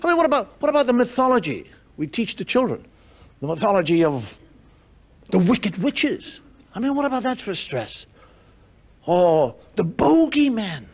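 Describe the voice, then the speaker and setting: A man's voice: high voice, big pitch swings, normal speed. A man doing a stand-up routine on stage, ranting through incredulous rhetorical questions. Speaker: stand-up comedian. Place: comedy stage before a live audience. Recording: live audience laughter, noisy room.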